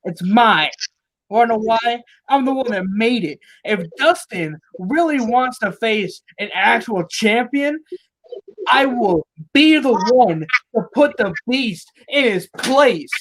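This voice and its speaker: A man hosting a backyard wrestling talk show, cutting a brash, mocking promo that swings between mumbled asides and shouts. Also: extremely high pitch, expressive, slow, no echo, rough recording. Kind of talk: trash-talking wrestling promo.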